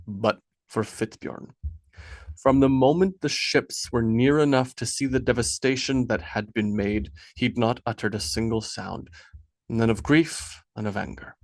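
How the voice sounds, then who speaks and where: A man narrating an audiobook in a measured, solemn way. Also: medium pitch, no room sound. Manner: measured, solemn, dropping soft on sad lines. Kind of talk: scripted narration.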